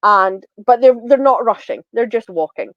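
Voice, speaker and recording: A woman co-hosts a podcast, retelling a TV episode in a chatty way, full of ums and acted-out lines. Her voice sits fairly high. The sound is dry, close and slightly muffled. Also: expressive, moderate pace, no room sound. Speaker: podcast co-host. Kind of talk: casual chat recapping a TV episode.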